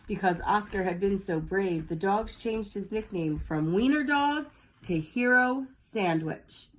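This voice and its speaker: A woman reads a children's picture book aloud in an unhurried, deliberate way. Her voice sits at an ordinary middle pitch, and she brightens it for the kids listening at home. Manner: slow, animated read-aloud for kids. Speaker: storyteller.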